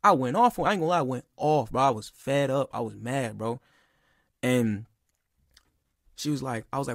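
A man's voice: a little high, expressive, fairly quick, dry recording, studio quality. A young man telling a personal story in a casual, rambling and heated way, with lots of "bro" and "like.". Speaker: podcast speaker.

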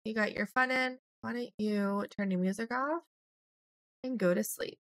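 A young woman hosting a casual let's play, chatting through her game and voicing quick lines for her characters. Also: a little high, a bit bright. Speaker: gaming channel host.

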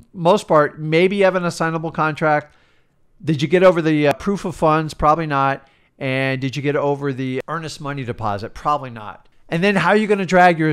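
A middle-aged man coaching in an emphatic, worked-up rant, swinging between loud bursts and quiet asides. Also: on the high side, clear, resonant tone. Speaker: real estate coach.

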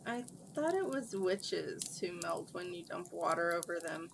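A woman's voice: fairly low pitch, animated, unhurried, creaky, background noise. A woman reading aloud and voicing a prince turned to stone who speaks in a doubtful, understated way.

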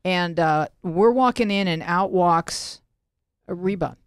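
A woman's voice: on the low side, slow, smooth, dry recording, studio quality. A woman hosting a casual talk show, telling stories in a chatty way. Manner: storytelling, chatty. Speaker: host. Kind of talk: casual chat. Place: Los Angeles area.

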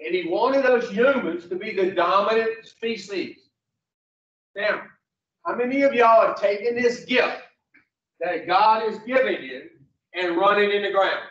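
Addressing a group of rehab patients, a slow, blunt man preaches motivation in a high, slightly bright voice, firing questions at the room and swearing. The sound is lo-fi, dull, distant and echoey, with a little hiss or hum.

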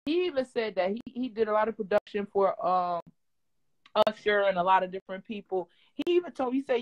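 A woman from Detroit telling stories in a casual interview, animated and profane, loudly acting out what people said. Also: mid-range voice, brisk, poor audio. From Detroit, USA. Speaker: guest.

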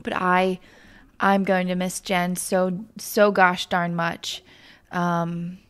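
A woman's voice: on the low side, little pitch movement, takes it slowly, clear, resonant tone. A young woman casually commenting on a life-simulation game, chatty and emotional, talking to her characters and viewers. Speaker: gaming video host. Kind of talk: casual let's-play commentary.

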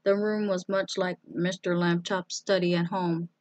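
A woman reading a children's storybook aloud, slowly and carefully. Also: on the low side, little pitch movement, a little mellow, no room sound, highs cut off. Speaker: storybook reader.

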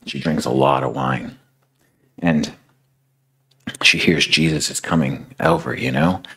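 A man's voice: very deep voice, big pitch swings, unhurried, gravelly, fairly bright tone, husky. A young man preaching a sermon in a conversational storytelling way, filling his speech with "you know" and "like".

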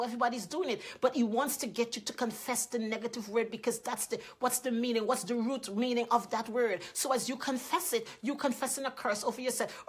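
A middle-aged woman minister preaching a sermon, telling stories earnestly and breaking into loud outbursts. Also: a little high, breathy edge. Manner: earnest, animated storytelling with sudden loud outbursts.

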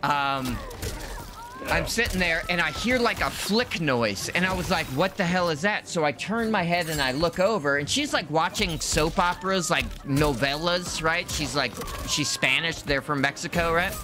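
A man's voice: a little high, animated, moderate pace. A man streaming a fighting game, telling a story in a rambling, casual way, full of "like" and swearing. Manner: rambling, swears, trails off with "like" and "right". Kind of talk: casual storytelling while gaming. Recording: game music behind the voice.

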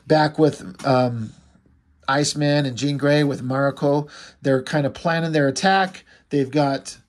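A man's voice: on the high side, unhurried. A man casually recapping a comic book issue, rambling and loose, paraphrasing the characters as he goes.

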